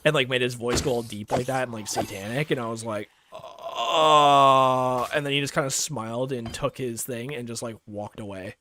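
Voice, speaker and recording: A man's voice: mid-range voice, steady tone, fairly quick, hardly any pauses, a bit bright, slight background noise. A young man streaming a game, casually telling rambling stories full of fillers. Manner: rambling, filler-heavy, chuckling. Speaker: gaming streamer. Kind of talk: casual storytelling while gaming.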